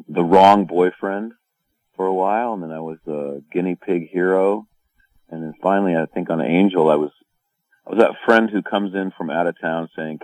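An American man from California answering interview questions in a relaxed, halting way, with many fillers and restarts and a dry sense of humor. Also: sits low, dry recording, rough recording. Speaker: actor guest.

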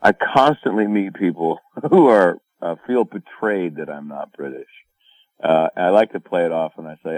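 An American man from California answering interview questions in a relaxed, halting way, with many fillers and restarts and a dry sense of humor. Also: low voice, no echo, low-quality recording. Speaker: actor guest.

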